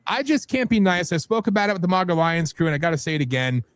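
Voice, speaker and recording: Male radio co-host from New Jersey, blunt banter, laughs a lot, fairly high voice. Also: very animated, fast. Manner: joking, laughs often, blunt. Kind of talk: casual political talk radio banter.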